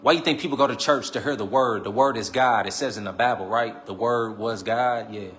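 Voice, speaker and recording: A man hosting a live stream, preaching casually and teasing his viewers, repeating his lines and swinging between loud calls and quiet asides. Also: medium pitch, a little fast, slight background noise. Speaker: livestream host.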